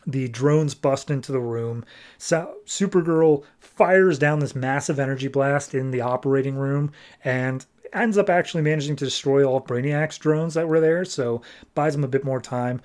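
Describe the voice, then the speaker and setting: A man's voice: medium pitch, moderate pace, a little mellow. A man hosting a podcast, recapping a comic book story in a casual, jokey way with plenty of fillers. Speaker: podcast host.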